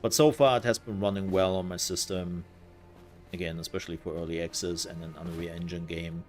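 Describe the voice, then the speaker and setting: A man's voice: deep voice, steady tone, a little fast, a little mellow, soft background music. A man giving casual let's-play commentary, thinking aloud as he plays and trailing off into fillers. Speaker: gaming content creator.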